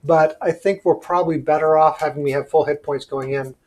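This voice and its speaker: A man's voice: fairly high pitch, steady tone, fairly quick, a little mellow. A man playing a board game, talking through card choices and strategy. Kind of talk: casual game discussion.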